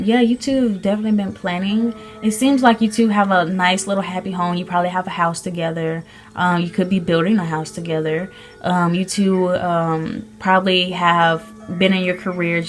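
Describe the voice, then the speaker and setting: Woman, tarot reader, chatty, gushing, lowish voice, faint music behind. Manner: chatty, gushing, many ums and restarts. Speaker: spirit baby medium giving a tarot reading. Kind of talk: casual tarot reading to viewers.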